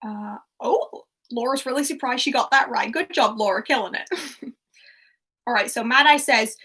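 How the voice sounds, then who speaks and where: A woman hosts a livestream quiz in a chatty, giggly way, reacting to answers as they come in. Her voice sits high and sounds bright and clear through a desktop mic. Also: moderate pace. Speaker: quiz host. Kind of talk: casual livestream chat.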